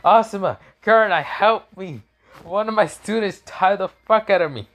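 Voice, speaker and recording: A man voicing a hot-tempered grown male ninja teacher in an improvised fan story, pitched up, loud and panicky. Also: normal speed, lightly acted. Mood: yelling.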